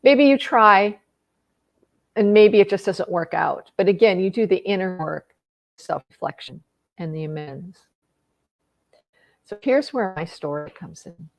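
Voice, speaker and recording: A woman's voice: medium pitch, expressive, measured pace, gravelly, pauses often. A middle-aged woman speaking on personal growth, telling an emotional personal story in an earnest voice, with many fillers and restarts. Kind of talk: reflective storytelling monologue.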